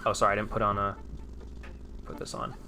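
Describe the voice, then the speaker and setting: Excitable young man streaming games. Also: fairly low pitch, brisk, soft background music. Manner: excitable, chatty, reads chat aloud. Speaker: livestream host. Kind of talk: casual live-stream commentary. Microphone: desk microphone.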